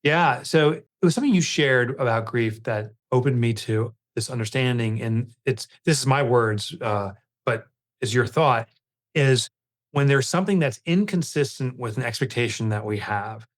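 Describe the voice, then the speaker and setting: A man, a guest author on a podcast interview, telling a story in an animated way and acting out his own reactions. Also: mid-range voice, normal speed.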